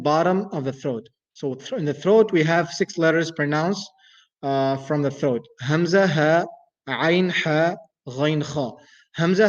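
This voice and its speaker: A man, an imam, teaching Quran recitation in a patient, step-by-step way, repeating each sound several times. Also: fairly high pitch. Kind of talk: tajweed lesson. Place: mosque. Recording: dull sound from a distance.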